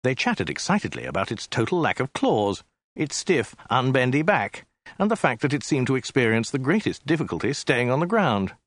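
Dry, lively-voiced male storyteller. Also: medium pitch, no room sound. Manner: dry, deliberate comic delivery. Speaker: audiobook narrator. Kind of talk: comic story narration.

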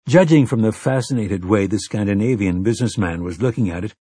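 A man narrating an audiobook in a measured, even storytelling manner. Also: on the low side, breathy edge, no room sound, clean studio sound. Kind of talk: scripted narration.

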